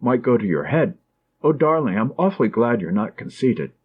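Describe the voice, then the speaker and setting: A man reading an audiobook, voicing a tender and anxious young woman in a soft, affectionate way. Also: medium pitch, very animated, moderate pace, breathy edge, phone-quality sound. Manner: soft, affectionate, gently teasing.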